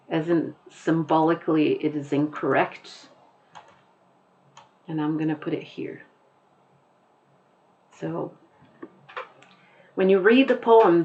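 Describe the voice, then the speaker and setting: A woman teacher talks her class through a poem at an unhurried pace, restating points and spelling words out. Her voice sits a little low. The recording sounds slightly dull and muffled. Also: darkish tone, a little hiss or hum. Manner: slow, explanatory, repeats and rephrases.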